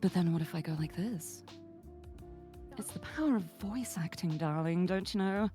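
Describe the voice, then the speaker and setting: A woman's voice: fairly low pitch, moderate pace, warm tone, soft background music, voice pushed down, natural voice. A woman putting on the voice of a suave, condescending villainess who calls the listener darling. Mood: menacing.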